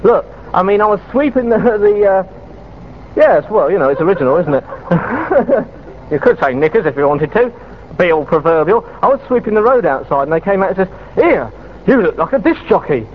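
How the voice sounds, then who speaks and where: A man's voice: high-pitched, expressive, brisk. A man, a radio disc jockey rambling through a jokey, self-mocking farewell on air. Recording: tinny old radio broadcast recording with faint hiss.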